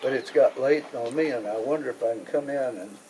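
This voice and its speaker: A man's voice: medium pitch, fairly quick, noisy background, close to an everyday voice. Little Claus, a man doing a sly Kentucky trickster. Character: crafty poor young man, sly trickster.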